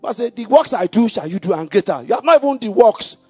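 A man preaching a sermon, dropping to a murmur and rising to loud, emphatic calls, repeating key lines for the congregation to say back. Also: high-pitched, animated, fast talker, husky, dry recording. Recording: dull lo-fi recording with faint music.

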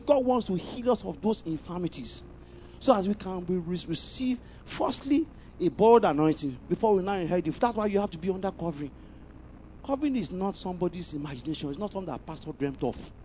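A high-voiced man preaches with emphatic force, stopping to ask the congregation whether they are with him. The recording is a little muffled, with faint noise in the background. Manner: emphatic, asks the congregation questions, bursts into loud exclamations. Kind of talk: sermon.

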